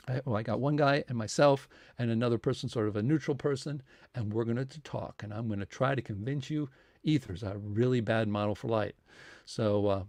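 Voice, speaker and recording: A man's voice: medium pitch, darkish tone, no room sound, studio quality. A man hosting a science talk series, giving a rambling spoken introduction and appeal for donations, full of fillers and restarts.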